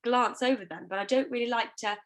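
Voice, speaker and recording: Woman, young adult, fairly high voice, chatty, animated storyteller, podcast guest. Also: fast talker. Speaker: guest, author and business founder. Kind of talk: casual podcast conversation.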